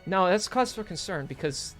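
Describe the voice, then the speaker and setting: A man's voice: high voice, lively intonation, moderate pace, a bit bright, faint music behind. A man running a tabletop game as dungeon master, joking, laughing and swearing casually.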